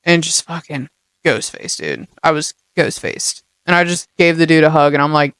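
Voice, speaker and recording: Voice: mid-range voice, normal speed, fairly bright tone, clear, resonant tone, dry recording. A young adult podcast host giving a casual motivational monologue, blunt and heavily profane, full of streetwise slang.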